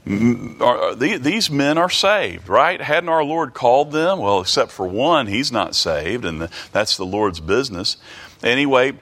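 Guy preaching a bible study, stops and restarts a lot, keeps asking the congregation questions, mid pitched voice. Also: very animated, fairly bright tone. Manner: halting, asks the listeners many rhetorical questions; reads King James scripture aloud.

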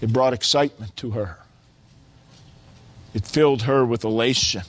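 A man preaching a sermon, quoting scripture slowly and building to loud, stretched-out exclamations. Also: mid-range voice. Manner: slow, deliberate preaching with quoted scripture.

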